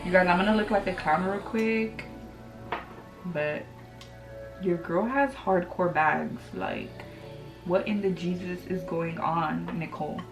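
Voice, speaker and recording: A woman's voice: lowish voice, steady tone, slow pace, roomy sound, over music, low-quality recording. A woman in her thirties chatting candidly while doing her makeup, full of "like" fillers and casual swearing. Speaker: beauty vlogger. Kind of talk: casual get-ready-with-me chat.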